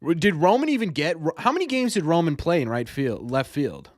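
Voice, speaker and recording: A man's voice: a little high, sing-song, brisk, no echo, studio quality. A young man hosting a casual sports live stream, talking through viewers' questions in a rambling way and often stumbling over and repeating his words. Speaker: sports podcast host.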